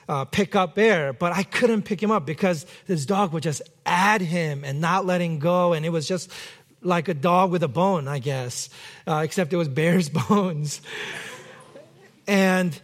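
A man, a pastor, preaching a sermon and telling a lively personal story in a church, sometimes shouting out the lines. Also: high-pitched. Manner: animated anecdote with acted shouts.

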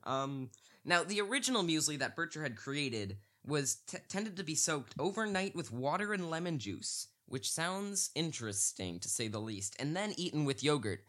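A man's voice: a little high, big pitch swings, moderate pace, a bit bright. A man guesting on a casual podcast, playful and getting worked up in mock rants.

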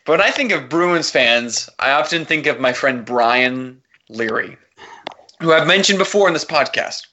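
A man's voice: a little high, lively intonation, normal speed, pushed and bright, muffled recording. A man from the American South, co-hosting a podcast in a loose, joking, profane way. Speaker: podcast co-host. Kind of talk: casual podcast chat.

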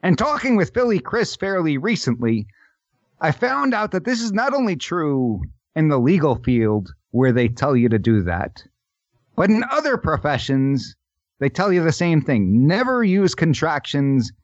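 Man, podcast host, lively swooping pitch, fairly high, dry dull lo-fi sound, opinionated. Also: normal speed, no room sound. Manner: animated, opinionated, jumps into mocking voices. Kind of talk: casual podcast chat.

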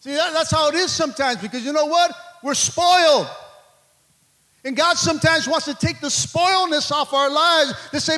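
A man's voice: very high voice, normal speed, sharp tone. A man preaching a fervent sermon to a church, peppering it with calls of amen and stumbling restarts. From Mexico. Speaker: pastor.

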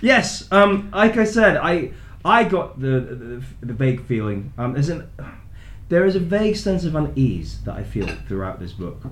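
A man in his thirties co-hosting a casual book chat, playful and quick to laugh, trailing off with fillers. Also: on the high side, very animated, a bit bright, echoey room. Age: 30s. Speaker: podcast co-host.

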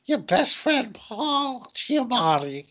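A woman putting on a high, wheedling impression of a clingy male actor for comic banter. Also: sing-song, heavily acted. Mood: creepy wheedling. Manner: wheedling, squeaky, drawn-out.

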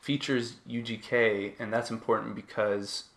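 A man hosting a casual podcast chat, relaxed, laughing along and swapping stories with his guest. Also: on the low side, measured pace. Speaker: podcast host. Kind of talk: casual conversation.

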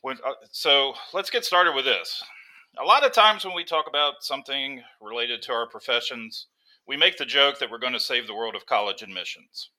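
Upbeat teasing guy on a podcast, really bright sharp voice. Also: medium pitch, moderate pace. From United States. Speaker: podcast co-host and school counselor. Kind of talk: casual podcast banter.

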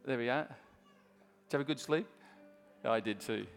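An Australian man with a mid-range voice and some vocal fry preaches a little slowly in a church, where a long reverb tail and faint music fill the background. He tells his story in a chatty, direct way to the congregation, restarting often.

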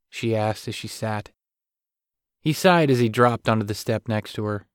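A man narrating an audiobook in an even, matter-of-fact way. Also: lowish voice, normal speed, clear, resonant tone, no echo, clean studio sound. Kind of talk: scripted narration.

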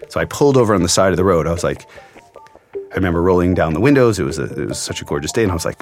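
Low-voiced male journalist, earnest and reflective storyteller, soft music under him. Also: expressive, rapid-fire. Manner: earnest, reflective, emotional retelling. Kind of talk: storytelling interview.

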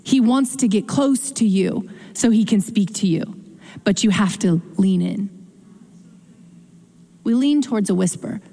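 A young adult woman pastor preaching a sermon, expressive, slowing down for emphasis and speeding up in quick asides. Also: medium pitch. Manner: expressive, shifts between slow emphatic phrasing and quick asides. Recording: long hall reverb.

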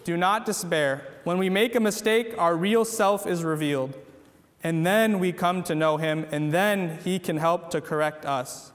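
A man delivers an earnest church sermon in a noticeably high voice. He drives his points home with short, repeated phrases. The sound carries a long reverb from a large hall. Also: unhurried. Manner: earnest, repetitive exhortation. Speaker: preacher.

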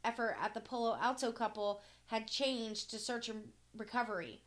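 A woman with a fairly high voice co-hosts a relaxed podcast. She reads news items aloud, tripping over words now and then, and swears offhandedly. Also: moderate pace. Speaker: podcast co-host. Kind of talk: casual chat, reading news stories aloud.

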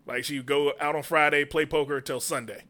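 A man's voice: a little high, fairly even intonation, fairly quick, bright, forceful tone. A man hosting a casual comedy podcast, telling loose, profane stories and laughing often. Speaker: podcast host. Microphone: studio mic.

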